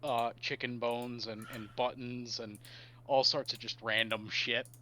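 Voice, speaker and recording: A man as game master, narrating a tabletop game in a dry, deadpan way. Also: mid-range voice, measured pace, crowd noise.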